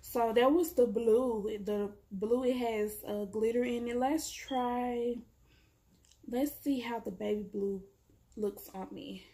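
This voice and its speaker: Excited woman, slightly high voice, slow chatty pace, casual product review. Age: adult, has kids. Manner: excited, chatty, addresses viewers as y'all. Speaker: beauty vlogger.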